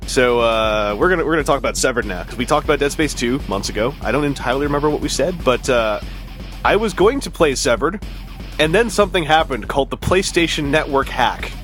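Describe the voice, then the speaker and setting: A man's voice: mid-range voice, expressive, brisk, fairly bright tone, faint music behind. A man hosting a casual podcast chat, rambling and self-mocking with dry sarcasm. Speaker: podcast host.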